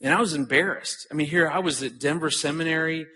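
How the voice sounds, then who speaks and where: A middle-aged man addresses a conference audience in an earnest, personal way, often stumbling over the first words of a thought. His voice has a bright, forward tone. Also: a little high, fast talker. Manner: earnest, repeats words when starting a thought. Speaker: conference speaker. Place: conference hall stage.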